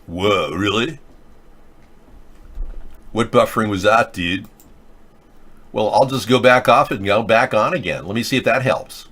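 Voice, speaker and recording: Low-voiced male talk show host. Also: measured pace, pauses often, a bit bright. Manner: rambling, joking, answers chat comments. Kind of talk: casual live video chat commentary.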